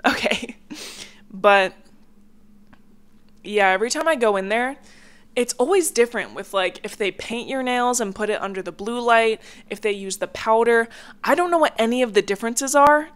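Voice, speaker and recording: A woman's voice: fairly high pitch, a bit bright, clear, resonant tone. A young woman talking casually on her own podcast at home, rambling from thought to thought and full of filler words. Her voice sounds a little stuffy. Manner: chatty, rambling, lots of "like" fillers. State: a bit congested. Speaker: podcast host. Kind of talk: casual solo chat. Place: home, near a hallway.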